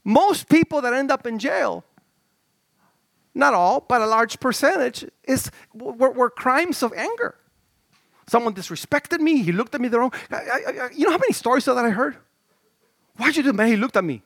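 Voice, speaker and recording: A middle-aged male pastor preaching a sermon in an animated, conversational way, with stammered restarts and swings from shouts to low murmurs. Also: normal speed, creaky, no echo.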